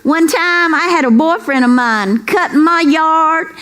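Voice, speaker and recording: A woman's voice: sits high, slow, fairly bright tone. A woman comedian putting on the voice of her sassy, confident female best friend who gives bossy advice. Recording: live club audio with crowd laughter.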